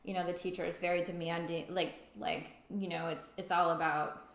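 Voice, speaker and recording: A woman's voice: on the low side, flat delivery, brisk. A middle-aged woman musician in casual conversation, talking with many fillers and laughs. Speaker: violinist and interviewer. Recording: echoey room.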